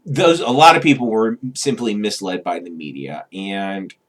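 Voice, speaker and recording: A man's voice: on the low side, moderate pace, fairly bright tone. A man ranting as a vlogger, swearing often and stopping on frequent fillers. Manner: profane, agitated, many fillers. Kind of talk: political rant.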